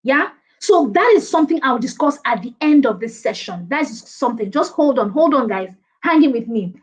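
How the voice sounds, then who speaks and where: A Nigerian woman giving a lively online workshop on presentations, emphatic and animated, often laughing and mimicking others. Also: sits high, brisk, poor audio. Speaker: presentation skills speaker. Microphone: video call.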